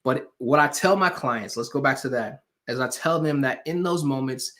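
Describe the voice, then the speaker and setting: A man giving an animated motivational talk to a live online audience, preacher-like, repeating phrases for emphasis and asking viewers for hearts and comments. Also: medium pitch, normal speed. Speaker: motivational speaker.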